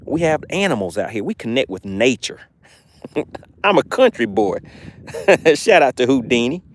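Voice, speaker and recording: A man's voice: medium pitch, sing-song, measured pace, slight background noise. Easygoing Southern man on a fishing livestream. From Southern US, Georgia. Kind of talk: casual live-stream chat, reading comments. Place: outdoors by the water.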